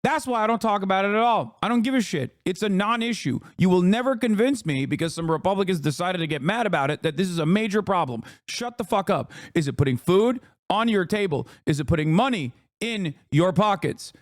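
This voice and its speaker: A man's voice: high-pitched, expressive, fairly quick, few pauses, no room sound, studio quality. A man streaming a heated political rant, profane, combative and mocking, in his thirties.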